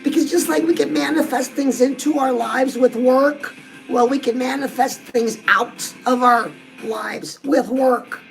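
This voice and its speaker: Sassy high-voiced female dating coach, chatty advice over a music bed. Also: fairly even intonation, a little slow, creaky, poor audio. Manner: chatty, sassy, calls listeners "girls". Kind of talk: direct-address advice talk. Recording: music playing behind the voice.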